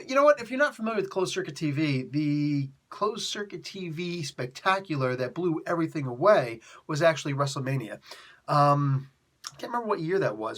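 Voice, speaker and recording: A man's voice: fairly high pitch, a bit bright. A middle-aged man chatting casually as he reviews a comic book, laughing often and acting out the characters' lines.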